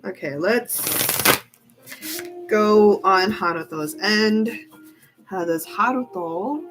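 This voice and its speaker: A woman reading tarot cards in a casual, chatty way, excitable and giggly. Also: medium pitch, slow, long pauses, music in the background, poor audio. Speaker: tarot reader. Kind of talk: casual chat.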